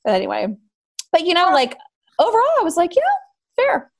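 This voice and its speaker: A woman in her thirties chatting casually as a guest about her business, a bubbly, lively storyteller who says "like" a lot. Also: extremely high pitch, fast, gravelly, a little hiss or hum. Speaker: guest, cheese shop owner. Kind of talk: casual chat.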